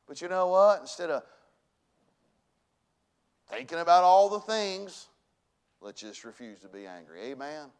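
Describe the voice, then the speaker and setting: A man preaching a sermon to his church, folksy and conversational, dropping to hushed lines and rising to loud bursts. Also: fairly high pitch, expressive, unhurried, pauses often, smooth. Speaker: pastor. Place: church sanctuary.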